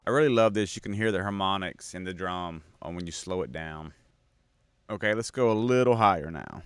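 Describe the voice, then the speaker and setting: A man's voice: sits low, a little fast. A man hosting, casually talking through a drum's tuning and sound with enthusiasm. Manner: enthusiastic, explains gear step by step. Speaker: host and drum maker. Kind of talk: casual demonstration talk.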